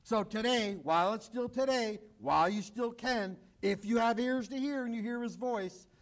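A pastor preaching a sermon in an urgent, emphatic way, pressing the same call again and again. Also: male voice, extremely high pitch, moderate pace. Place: church, broadcast on radio and online.

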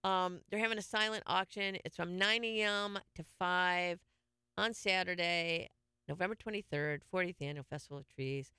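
A chatty radio host with a gravelly, bright voice that stays smooth and clear. Rambling and jokey, poking fun at themselves while talking with a guest in the studio. The sound is dry and close, with no room echo. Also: medium pitch, normal speed. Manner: rambling, jokey, self-mocking. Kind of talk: casual on-air chat.

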